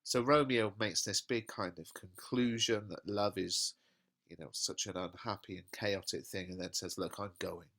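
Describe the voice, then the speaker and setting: Low-voiced male teacher explaining casually. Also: steady tone, moderate pace, fairly bright tone. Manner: casual, paraphrases in plain modern speech with many fillers. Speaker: English teacher. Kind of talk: explaining a play scene line by line.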